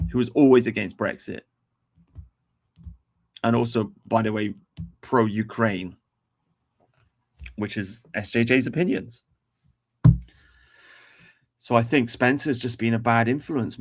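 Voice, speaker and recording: Gravelly man rambling on stream. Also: medium pitch. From England. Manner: rambling, profane, frequent restarts. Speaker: livestream host. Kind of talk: casual livestream commentary.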